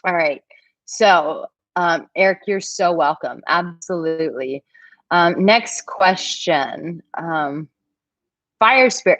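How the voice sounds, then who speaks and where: A woman's voice: fairly low pitch, animated, takes it slowly, no echo, muffled recording. A woman dating coach answering viewer questions in a live Q&A, talking frankly and animatedly and laughing often. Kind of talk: live Q&A reading viewer comments.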